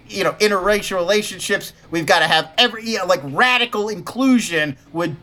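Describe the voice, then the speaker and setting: Male podcast co-host, slightly high and bright voice, animated casual talk. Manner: animated, restarts sentences often. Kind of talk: casual chat.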